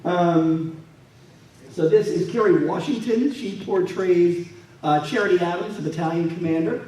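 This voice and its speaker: A man's voice: sits high, unhurried, mellow. A man giving an anecdotal talk with slides at a museum event, acting out the people in his stories. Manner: storytelling, acts out quoted people. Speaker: guest speaker and military historian. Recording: echoey room from a distant mic.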